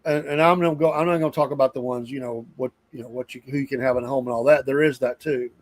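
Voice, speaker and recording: A man's voice: medium pitch, fairly even intonation, quick pace. A middle-aged man with a Southern US accent hosting a live show, venting in a casual, rambling monologue and repeating himself for emphasis.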